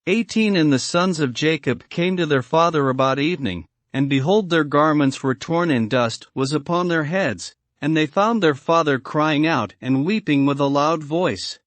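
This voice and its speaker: A man's voice: on the high side, moderate pace, few pauses, no room sound. A man reading an old scriptural story aloud in a solemn archaic style, calling out verse numbers. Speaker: narrator.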